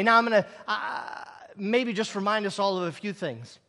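A man's voice: high voice, normal speed, bright, forceful tone, in a large hall. A man preaching a sermon, repeating his points with emphasis and checking in with the audience. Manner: repetitive, emphatic, draws in the audience.

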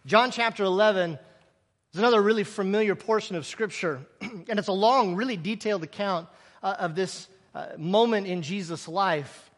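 A man preaching a sermon in an animated way, acting out the scenes he tells and dropping sarcastic asides. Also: high-pitched, moderate pace, long reverb tail. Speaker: pastor.

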